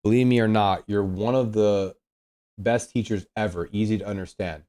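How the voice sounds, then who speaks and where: A man's voice: on the low side, fairly even intonation, normal speed, warm tone. A young man hosting a live trading stream, explaining setups and reading chat in a laid-back, slangy way. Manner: laid-back, slangy, says bro and dude. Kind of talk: casual live-stream teaching.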